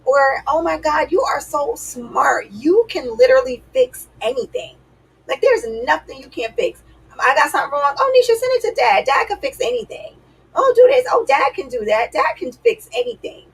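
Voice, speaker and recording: A woman's voice: high voice, very animated, normal speed, creaky, recorded from a distance, pitched above the performer's own voice, heavily acted, low-quality recording. Woman putting on a gushing, cooing mother. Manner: sweet, gushing, sing-song. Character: doting mother cooing praise at her husband.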